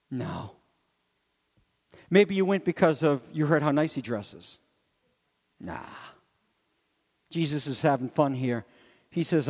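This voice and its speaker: Higher-voiced male pastor in a reverberant hall. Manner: animated preaching with rhetorical questions; drops to soft, low asides. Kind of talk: sermon. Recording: long reverb of a large hall.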